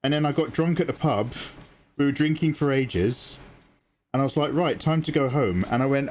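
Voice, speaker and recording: A man's voice: medium pitch, normal speed, a little mellow, slight background noise. A British man chatting casually with viewers on a live art stream, telling stories in a rambling, chatty way with casual swearing.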